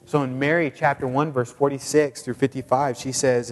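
A man preaching a sermon in a casual, chatty way with many fillers, now and then putting on high squeaky voices for quotes. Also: steady tone, normal speed, big-room sound. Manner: puts on high squeaky voices when quoting people. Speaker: pastor.

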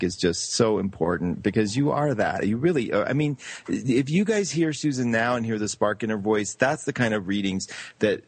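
A man hosting a radio talk show, interviewing a guest in an effusive, animated way. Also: mid-range voice, slightly rough, dry recording.

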